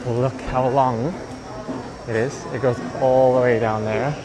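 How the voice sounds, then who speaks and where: A man's voice: medium pitch, level tone, a little slow, crowd noise. A man from Britain vlogging casually, describing what he films, impressed. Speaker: traveller vlogger. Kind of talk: casual vlog to camera.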